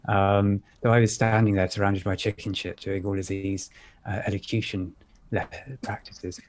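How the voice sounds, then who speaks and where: A man co-hosting a podcast, telling measured anecdotes with pauses. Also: lowish voice, flat delivery, a little hiss or hum. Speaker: podcast co-host. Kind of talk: casual podcast chat.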